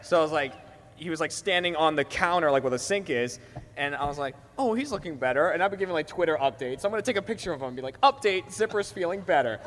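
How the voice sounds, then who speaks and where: A man's voice: a little high, rapid-fire, fairly bright tone. A man telling a hesitant, filler-heavy story as co-host at a live podcast. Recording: live hall with reverb and faint hiss.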